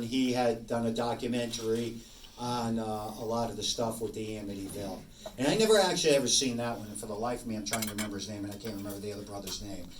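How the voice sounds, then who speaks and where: A man in his sixties, a paranormal investigator, telling rambling stories to an audience and acting out both sides of conversations. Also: medium pitch. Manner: rambling, animated, acts out both sides of dialogue. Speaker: paranormal investigator giving a talk. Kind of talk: casual storytelling talk to an audience. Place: room with an audience. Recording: echoey room, distant mic, faint noise.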